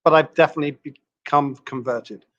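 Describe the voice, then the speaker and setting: A man's voice: on the high side, steady tone, brisk, a bit bright. Male guest, London accent, easygoing and dry, muffled lo-fi call. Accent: Southwest London English. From England. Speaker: guest, comedy club manager. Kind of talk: casual interview.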